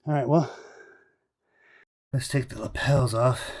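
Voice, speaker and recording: A man's voice: medium pitch, slow, darkish tone. Man, casual streamer, rambling chat, slightly winded, heard from a distance on a camera mic. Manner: chatty, addresses viewers by name, rambling. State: out of breath after push-ups. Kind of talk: casual IRL livestream chat. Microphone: camera mic without lapel mics. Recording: distant mic with faint noise.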